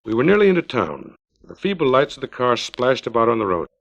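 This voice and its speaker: Man in his 50s reading his own story, gravelly, measured, muffled old vinyl. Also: medium pitch, sing-song. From California. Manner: measured, plain, unhurried. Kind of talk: storytelling narration. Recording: dull lo-fi 1950s LP recording.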